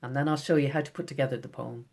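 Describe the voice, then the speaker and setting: A low-pitched woman teaches schoolchildren in a gentle, encouraging tone. She reads her poems out slowly and with care. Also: steady tone, gravelly. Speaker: poet teaching children. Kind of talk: recorded lesson for schoolchildren.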